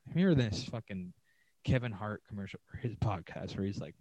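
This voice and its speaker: Rambling, profane comedian talking solo. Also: male voice, on the low side, very animated, moderate pace, dark tone, no echo, rough recording. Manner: rambling, profane, self-mocking. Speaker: comedian podcast host. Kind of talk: solo podcast monologue.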